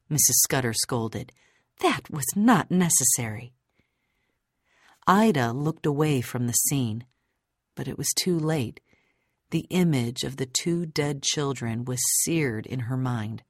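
A woman reading a story aloud as narrator in a measured, steady storytelling manner. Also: rumbling low, no room sound, studio quality. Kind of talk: audiobook narration.

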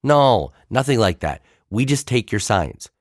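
A man voicing a calm male police desk sergeant who talks slowly and deliberately, without emotion. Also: medium pitch, no echo, clean studio sound. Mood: flat, patient. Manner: slow, deliberate, dispassionate.

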